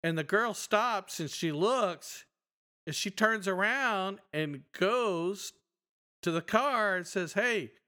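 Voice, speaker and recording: A man co-hosting a podcast in casual chat, retelling stories with lively acted-out voices. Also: high-pitched, slow pace. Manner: animated storyteller acting out voices. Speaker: podcast co-host.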